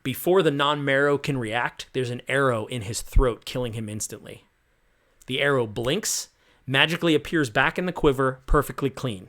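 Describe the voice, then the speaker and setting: A man's voice: medium pitch, moderate pace, fairly bright tone. A man running a tabletop game as game master, setting cinematic scenes in a casual, filler-laden way.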